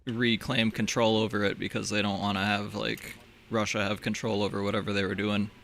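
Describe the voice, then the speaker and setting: A man's voice: lowish voice, little pitch movement, fairly quick, gravelly, fairly bright tone. A young man from Minnesota chatting casually while gaming, laid-back, swearing offhandedly and agreeing with short replies. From Minnesota, USA. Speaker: gamer.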